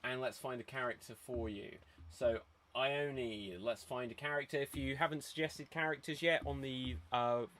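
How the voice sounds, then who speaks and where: A man hosting an online improv show over a video call, brisk and chatty, laughing often. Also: mid-range voice, fairly bright tone, a little hiss or hum.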